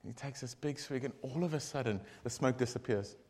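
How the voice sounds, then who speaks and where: A man leading a group devotion, telling a long joke in a casual, rambling, animated way with many asides. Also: medium pitch, a little fast.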